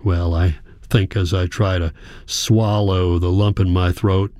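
A man with a low, deep voice reads a first-person story aloud. His delivery is steady and even, and the recording is dry and close, with no room sound. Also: slow pace, dry recording. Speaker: audiobook narrator. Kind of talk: first-person scripted narration.

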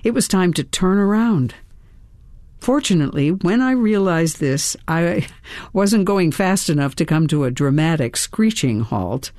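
A woman narrates a memoir as an audiobook, letting her rather low voice rise and fall widely. She takes her time over each phrase. The recording is close and dry, with no room sound. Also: a little slow, no echo. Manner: expressive, with sudden lifts in pitch.

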